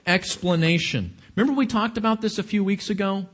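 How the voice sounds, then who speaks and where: A man's voice: sits high, animated, fairly quick, few pauses. A man preaching a sermon, questioning his congregation and stressing his points. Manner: questioning the audience, emphatic.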